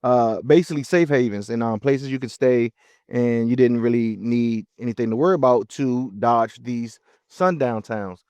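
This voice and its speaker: A man's voice: mid-range voice, normal speed, clear, resonant tone, no echo. A man co-hosting a trucking podcast, chatting casually in a laid-back way. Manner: laid-back, relaxed, many fillers. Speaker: podcast co-host, truck driver. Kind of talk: casual chat.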